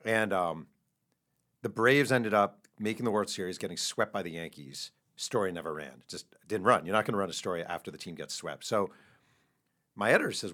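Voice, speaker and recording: A middle-aged man with a deep, low-pitched voice talks fast in a relaxed interview. He is an animated storyteller who laughs along with his own anecdotes. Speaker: author guest.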